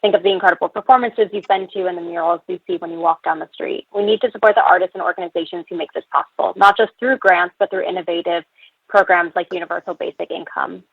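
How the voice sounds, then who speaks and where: A woman's voice: on the low side, steady tone, fast, slightly rough, dry recording. A woman reading prepared testimony at a public budget hearing, earnest, with fillers between her points. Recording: tinny phone line, dry.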